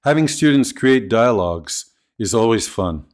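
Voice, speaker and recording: A man narrating a scripted video on teaching pronunciation, speaking in a clear, deliberate, instructional way. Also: mid-range voice, lively intonation, darkish tone. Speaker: ESL teacher trainer.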